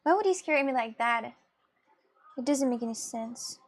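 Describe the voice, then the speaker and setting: A woman's voice: fairly high pitch, expressive, normal speed. A young woman chatting casually with her viewers while drawing on a livestream, laughing often and reacting to chat. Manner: giggly, chatty, talks to viewers. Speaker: streamer.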